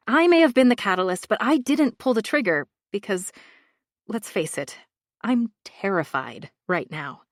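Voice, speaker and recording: Woman narrating a thriller audiobook, lively voice. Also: medium pitch, no echo, studio quality. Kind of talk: first-person audiobook narration.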